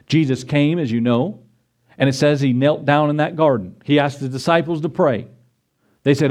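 At a moderate pace and with a darkish tone, a middle-aged pastor preaches, his pitch rising high and urgent as he drives his points home. Now and then he briefly voices biblical figures.

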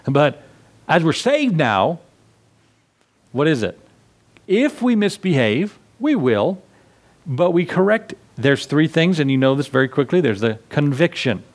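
A man's voice: a little high, sing-song, measured pace, pauses often. A man preaching a sermon to his congregation in a conversational way, acting out little scenes with asides. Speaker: pastor.

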